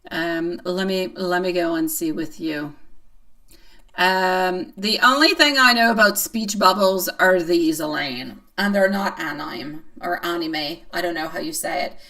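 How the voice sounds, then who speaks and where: A woman's voice: fairly low pitch, measured pace, bright, forceful tone. Chatty woman tarot reader, distant mic. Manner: chatty, playful, self-mocking, answers chat comments. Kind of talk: live-stream tarot reading.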